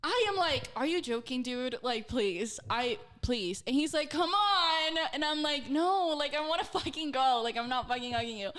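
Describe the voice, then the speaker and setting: Bright, animated young woman storyteller. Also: sits high, normal speed, few pauses. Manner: animated, many fillers, swears freely. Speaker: podcast co-host. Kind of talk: casual storytelling chat.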